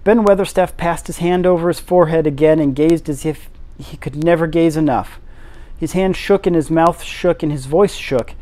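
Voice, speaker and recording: Male amateur reader, higher voice, steady narration. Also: normal speed. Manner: steady reading with occasional slips and restarts. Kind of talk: audiobook reading of a classic novel.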